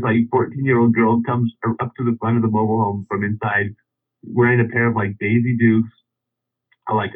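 A man casually telling a long anecdote, rambling with many restarts and chuckles. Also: fairly low pitch. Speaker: storyteller. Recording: phone-like radio line.

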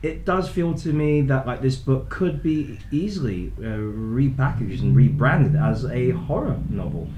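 Playful man in his thirties, lively pitch. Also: a little slow, hardly any pauses, echoey room, dull audio, a little hiss or hum. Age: 30s. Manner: playful, laughs often, trails off with fillers. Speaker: podcast co-host. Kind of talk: casual book club chat.

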